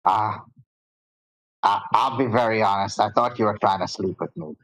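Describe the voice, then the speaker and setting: A man's voice: on the low side, steady tone, moderate pace, a bit bright, low-quality recording. A man running a tabletop game as dungeon master, narrating casually with lots of ums and restarts.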